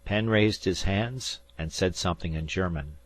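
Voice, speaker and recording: A man reading a classic novel aloud as an audiobook narrator, slow and expressive. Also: low-pitched.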